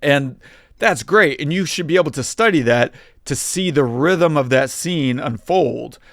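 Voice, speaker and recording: A man's voice: on the high side, animated, measured pace, fairly bright tone, dry recording, studio quality. A man co-hosting a film podcast, a writer talking through scenes in a methodical, step-by-step way in casual chat. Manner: methodical, builds points step by step. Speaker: podcast co-host, film reviewer.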